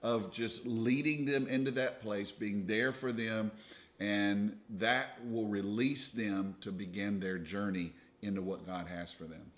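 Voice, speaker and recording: A young man co-hosting a ministry video with his wife, giving steady, earnest advice in a casual, preacher-like way. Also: fairly low pitch, a little slow. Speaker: ministry leader, co-host with wife.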